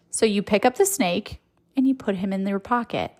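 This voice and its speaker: A woman's voice: mid-range voice, normal speed, darkish tone. A woman hosting her own podcast, telling a story in a chatty, conversational way. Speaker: podcast host and farmer. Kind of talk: casual storytelling monologue.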